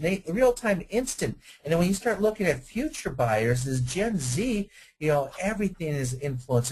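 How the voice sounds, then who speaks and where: A dealership sales trainer with a fairly high male voice gives a webinar to car sales staff. He's energetic and conversational and fires off lots of rhetorical questions. The recording quality is low.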